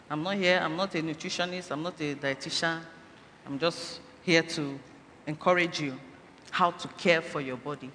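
A woman's voice: lowish voice, fairly bright tone. A woman giving a health talk inside a sermon, urging her listeners and asking rhetorical questions. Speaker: church speaker. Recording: echoey hall, faint background noise.

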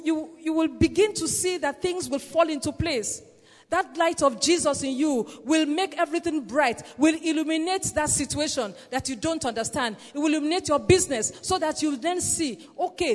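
Woman preacher, high voice, earnest and insistent, repeats her points; church hall with long echo. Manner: earnest, repetitive exhortation with "Praise the Lord" interjections. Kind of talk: sermon.

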